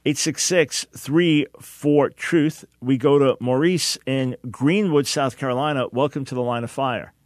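A man hosting a call-in radio talk show, earnest and emphatic. His voice sits at a middle pitch and often repeats a word as he starts a sentence. The studio sound is dry and close. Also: fairly even intonation, a little slow, hardly any pauses, no echo.

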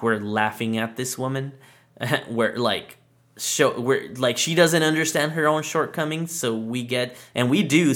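A man's voice: mid-range voice, fairly bright tone. A man hosting a podcast, ranting casually with exasperated sarcasm and heavy swearing. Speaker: podcast host. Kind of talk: casual profane rant.

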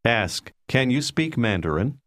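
A man with a mid-range voice narrates a scripted language lesson at a measured pace. Calm and patient, he prompts the listener to repeat after him in an instructional style.

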